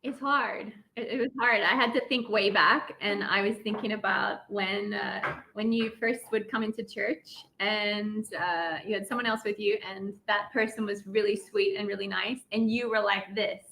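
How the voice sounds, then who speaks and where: A woman's voice: mid-range voice, steady tone, moderate pace, creaky, few pauses, pushed and bright, a little hiss or hum. A woman joining a live chat as a guest by video call, telling a story and laughing often. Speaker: church member and guest.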